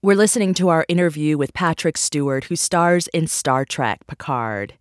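A male radio host reads a scripted break announcement. His pitch sits a little high, and the studio sound is dry and close. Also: moderate pace, no echo.

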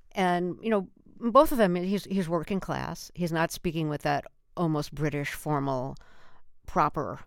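A woman hosting a conversation about film, asking thoughtful, measured questions. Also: low-pitched, smooth, no room sound, studio quality. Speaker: podcast host.

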